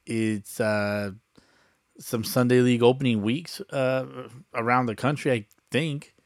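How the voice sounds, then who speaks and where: A man's voice: medium pitch, fairly even intonation, measured pace, dry recording. A young adult man hosting a casual solo podcast, talking loose and profane with lots of fillers into a close mic. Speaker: podcast host.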